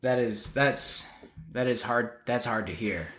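A man co-hosting a true crime podcast, weighing his words slowly and hesitantly. His mid-pitched voice carries a noticeable room echo. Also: a bit bright. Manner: thoughtful, hesitant. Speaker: podcast co-host. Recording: roomy echo.

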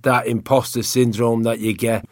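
A man's voice: medium pitch, flat delivery, normal speed, a little mellow, no room sound, studio quality. A man co-hosting a casual conversation, reflective and thinking aloud, often repeating words as he goes.

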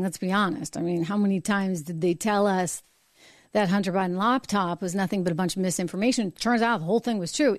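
A woman hosting a live-streamed political show, talking emphatically and indignantly, repeating her points and jumping higher in pitch when worked up. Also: darkish tone, no room sound, clean studio sound. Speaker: political talk show host.

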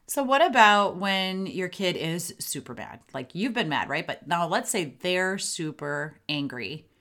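A woman's voice: lowish voice, fairly bright tone. A middle-aged woman hosting a parenting podcast, talking casually and acting out sample phrases for parents to say to their kids. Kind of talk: casual advice monologue.

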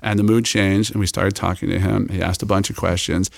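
A man telling a story as an interview guest, animated and acting out the people he quotes. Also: deep voice, fairly quick, gravelly, no echo, clean studio sound.

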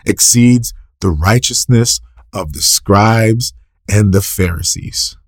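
A man's voice: slow, gravelly, slightly rough, dry recording, studio quality. A man preaching a sermon, asking and answering his own questions and rising sharply for emphasis. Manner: asks and answers his own questions, repeats scripture quotes; rises sharply in pitch and volume for emphasis. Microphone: recorded for a podcast.

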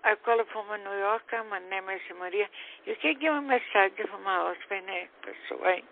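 A woman calling in by phone, asking a question in halting broken English. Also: mid-range voice, animated, gravelly. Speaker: caller. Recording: tinny phone line.

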